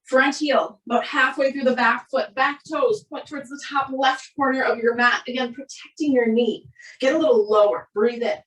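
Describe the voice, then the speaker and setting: Calm Minnesotan woman leading yoga. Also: sits high, normal speed. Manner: calm, steady breath-paced cueing. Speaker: yoga instructor. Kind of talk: guided yoga class cues. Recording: roomy echo, voice from a distance.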